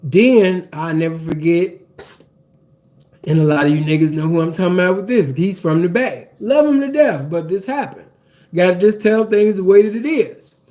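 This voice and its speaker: High voiced guy telling a raunchy story, loose and animated, lots of filler. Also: normal speed. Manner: casual, profane, animated, many fillers. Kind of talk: profane anecdotal storytelling.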